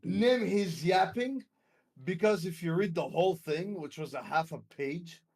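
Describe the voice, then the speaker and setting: Young guy streamer, high voice, loud and laughy, swears a lot. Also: measured pace. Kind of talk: casual chat.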